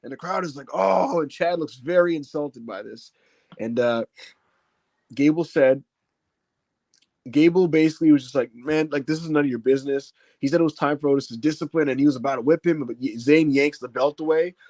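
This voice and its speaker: A man with a slightly higher voice, recorded close and dry, recaps a wrestling show in loose, casual chat. He fills the gaps with "uh" and "like". He bursts into high, shouted impressions whenever he quotes someone. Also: moderate pace, no room sound. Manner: animated retelling, acts out quotes in raised shouts.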